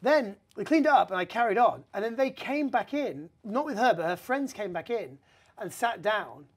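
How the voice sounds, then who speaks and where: A male stand-up comedian, a guest, telling anecdotes in casual chat in a lively way. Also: high voice, moderate pace, slightly rough. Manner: lively storyteller, acts out voices.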